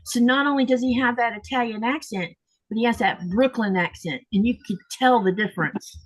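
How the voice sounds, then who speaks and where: Chatty higher-voiced woman storyteller. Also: brisk. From Florida. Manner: chatty storyteller, reads viewer comments aloud. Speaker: host of a sewing live stream. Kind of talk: casual chat while sewing.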